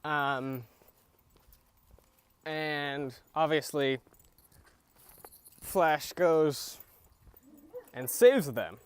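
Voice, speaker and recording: Young male podcast host, slightly high voice, slow, hesitant, opinionated casual recap. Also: animated, clean tone. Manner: halting, many fillers and restarts, opinionated. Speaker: podcast host reviewing TV episodes.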